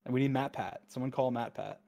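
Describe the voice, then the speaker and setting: A man streaming live, reading a long poem aloud as it scrolls past and breaking off into exasperated asides when the text moves too fast. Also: medium pitch, fairly even intonation, vocal fry, warm tone.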